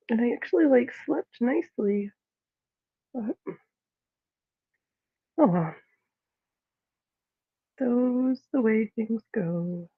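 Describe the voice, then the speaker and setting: High-ish woman rambling away while she sews, tinny phone-ish sound. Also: expressive, slow pace, pauses often, breathy edge. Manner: chatty, rambling, with yawns and laughs; breaks into playful sports-style commentary. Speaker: sewing vlogger. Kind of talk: casual chat while sewing.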